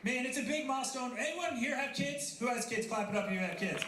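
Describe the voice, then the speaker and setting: High-voiced male stand-up comic. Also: expressive, fairly quick, noisy background. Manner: chatty, self-deprecating, banters with the crowd. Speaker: stand-up comedian. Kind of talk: stand-up comedy set. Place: coffee house stage with a live audience. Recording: echoey room with audible crowd.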